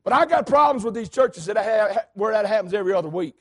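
High raspy preacher man. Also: lively intonation, fast talker. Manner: emphatic preaching, swings between hollering and low asides. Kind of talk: fiery sermon.

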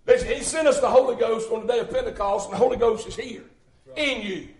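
A man preaching, his voice sitting very high for a man. He drives his points with repeated phrases and breaks into loud shouts. The sound rings around a roomy church hall. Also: fast. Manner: fervent, shouting bursts, rhythmic repetition. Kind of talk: sermon.

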